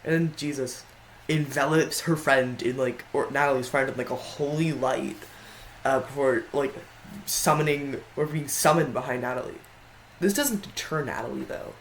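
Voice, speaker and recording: A man talking through a ranked list in a loose, rambling way, stumbling over his words and correcting himself as he goes. His pitch is mid-range, and faint background noise sits under the voice. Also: moderate pace, poor audio. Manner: rambling, frequent self-corrections. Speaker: video creator. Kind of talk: casual tier-list commentary.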